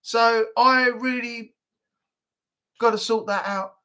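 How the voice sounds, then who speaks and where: Mancunian woman, stream host, chatty, jokey, slightly high. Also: fairly even intonation, takes it slowly, fairly bright tone. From Manchester, England. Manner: chatty, joking, swears casually. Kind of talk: live stream chat.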